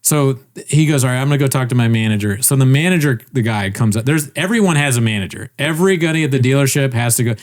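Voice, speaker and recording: Animated storytelling man, mid pitch. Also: fast talker, hardly any pauses. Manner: animated storytelling, acts out quoted people; swears casually, laughs often. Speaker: podcast co-host. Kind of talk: casual chat.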